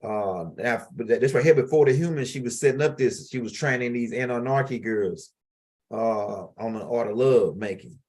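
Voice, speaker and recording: A man's voice: mid-range voice, moderate pace, a little mellow. Middle-aged male teacher, casual and rambling, plain mid-range voice, lots of restarts. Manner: rambling and street-casual, with frequent restarts and asides. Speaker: teacher of an esoteric class. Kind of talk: loose, casual lecture.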